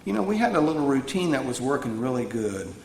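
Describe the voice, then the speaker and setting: A man's voice: medium pitch, big pitch swings, fast talker. A man giving a personal recovery talk to a live audience, earnest, repeating phrases for emphasis. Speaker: recovery speaker. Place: retreat meeting room. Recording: echoey room, faint background hum.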